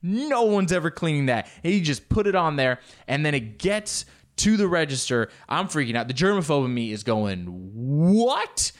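A man telling a comic story in an animated, rambling way, swearing freely and exaggerating for laughs. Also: on the high side, moderate pace. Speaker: comedian.

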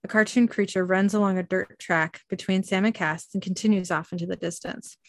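A young woman hosting a podcast, reading an episode recap aloud in a loose, casual way with plenty of ums. Her voice sits at an average pitch and is recorded dry and close. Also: fairly even intonation, fairly quick, dry recording. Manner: casual, with frequent ums and laughs. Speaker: podcast host.

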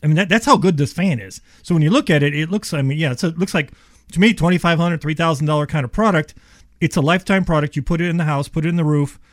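Man, rapid radio sales talk, dry studio sound, a bit high-pitched. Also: no echo. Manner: fast, enthusiastic sales pitch with restarts. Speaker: HVAC company owner and radio guest.

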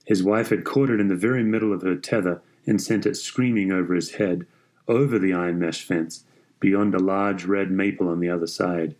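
Man narrating a story in a low voice. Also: fairly even intonation, moderate pace, darkish tone.

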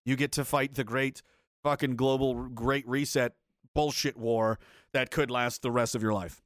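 A man's voice: medium pitch, steady tone, unhurried, fairly bright tone, no room sound, studio quality. A man hosting a livestream, ranting in a heated, profane, sarcastic way and reading chat messages aloud. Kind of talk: angry political rant on a livestream.

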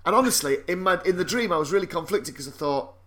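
A man's voice: high voice, lively intonation, fast, pushed and bright. A man co-hosting a podcast, swearing often, laughing and telling stories in casual banter. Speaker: podcast co-host.

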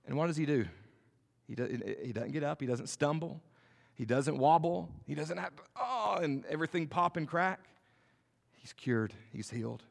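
A middle-aged male pastor preaching a sermon, swinging between loud and soft and asking the congregation rhetorical questions. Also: fairly high pitch, moderate pace, gravelly, in a large hall.

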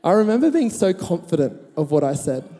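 A man's voice: on the high side, big pitch swings, fairly quick, mellow. A man preaching a sermon, chatty and laughing as he tells a story, then rising to emphatic points. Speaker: pastor. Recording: long hall reverb.

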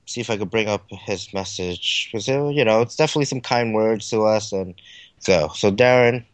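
A man's voice: lowish voice, moderate pace, dry recording. A man hosting a hobby podcast, casually reading out listener names and plugging the show's links. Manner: easygoing, reads out listener names and plugs. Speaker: podcast host.

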